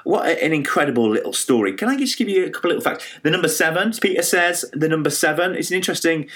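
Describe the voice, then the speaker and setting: A man preaching a sermon, retelling a parable with lively storytelling, frequent fillers and restarts. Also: fairly high pitch, fast. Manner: animated storytelling with many fillers and restarts, acting out quoted voices.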